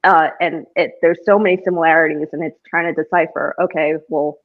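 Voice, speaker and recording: A woman's voice: deep voice, fairly even intonation, brisk, dry recording. Woman, podcast guest, rambling and chatty, dull lo-fi sound. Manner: rambling, with many restarts and fillers. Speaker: paranormal investigator guest. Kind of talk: casual conversation on a podcast.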